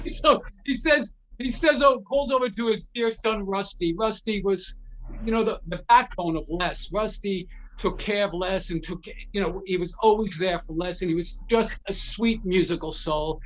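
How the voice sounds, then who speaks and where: A man appears as a guest telling casual anecdotes, animatedly acting out the voices of people he quotes and often restarting his words. His high-pitched voice moves at a moderate pace, in a low-quality recording.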